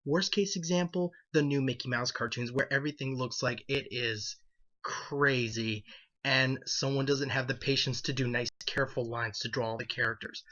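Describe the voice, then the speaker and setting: A man giving casual, rambling opinion commentary, animated and often correcting himself. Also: medium pitch, moderate pace. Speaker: video commentator. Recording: dull lo-fi sound.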